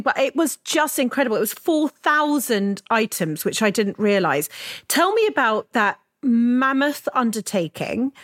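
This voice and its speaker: A woman's voice: fairly high pitch, no echo. An enthusiastic woman hosts a podcast and interviews her guest with effusive questions. The recording is dry and close, with no room sound. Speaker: podcast host.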